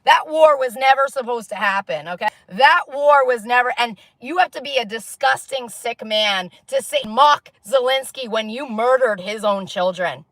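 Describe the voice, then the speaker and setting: A woman vlogger delivers a heated, profane monologue to camera in a fairly high, slightly bright voice, speaking at a normal speed with few pauses on a dry recording. She repeats herself insistently and keeps pressing "okay?" after her points.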